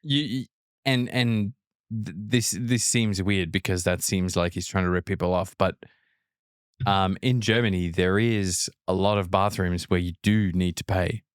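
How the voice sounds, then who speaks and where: Deep-voiced man chatting on a podcast. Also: fairly even intonation, clear, resonant tone, no echo, clean studio sound. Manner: reacts with quick laughs and explains things. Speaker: podcast co-host. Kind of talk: casual chat.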